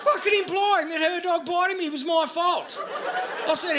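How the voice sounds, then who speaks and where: Aussie bloke doing standup, high voice, swears a lot, live mic with crowd noise. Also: male voice, normal speed. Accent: Australian. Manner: crude, sarcastic, chatty with crowd. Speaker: stand-up comedian. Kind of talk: stand-up set. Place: comedy club stage. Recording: live club recording with audible laughter noise. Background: audience laughter.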